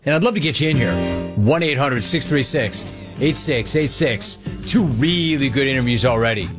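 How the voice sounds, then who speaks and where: A man's voice: mid-range voice, lively intonation, moderate pace, over music. A man hosting a sports talk radio show, giving a sarcastic and emphatic monologue.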